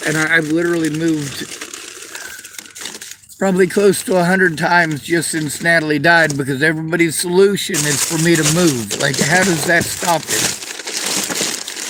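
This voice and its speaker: A man's voice: a little high, measured pace, long pauses, noisy background. A man venting to the camera, distressed and near tears, swearing often.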